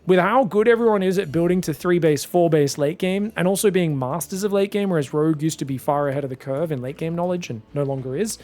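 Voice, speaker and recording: A man casting a video game match on his own, chatty and excitable, often laughing and restarting his sentences. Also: on the high side. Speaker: esports caster. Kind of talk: solo game commentary.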